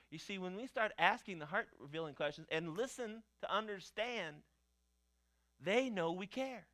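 Male pastor, middle-aged; high, bright voice, halting delivery that builds to fervent sermon emphasis. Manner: halting, repeats words, rises to loud fervent emphasis. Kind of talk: sermon teaching a class.

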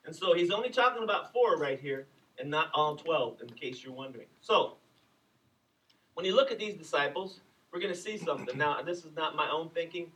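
A middle-aged man preaching a sermon in an animated, conversational way, with asides to his listeners. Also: fairly high pitch, brisk, far from the mic, rough recording. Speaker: pastor.

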